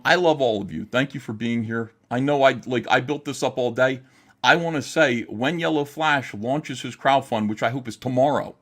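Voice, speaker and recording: A man hosting a livestream, talking in a heated, profane, emphatic way while ranting and reading chat. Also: medium pitch. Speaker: livestream host.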